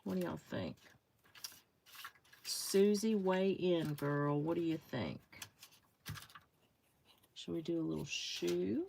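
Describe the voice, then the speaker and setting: A woman's voice: fairly low pitch, takes it slowly, creaky, long pauses, darkish tone, a little hiss or hum. A middle-aged woman chatting casually with viewers while crafting on a livestream, greeting them by name and thinking aloud.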